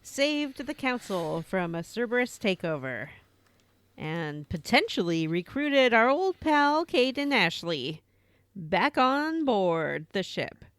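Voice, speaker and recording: Woman, podcast co-host, playful storyteller, mid pitch, dead dry close mic. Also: very animated, slow pace, a bit bright, no room sound. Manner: playful, clear storytelling recaps. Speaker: podcast co-host recapping the game. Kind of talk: casual podcast chat.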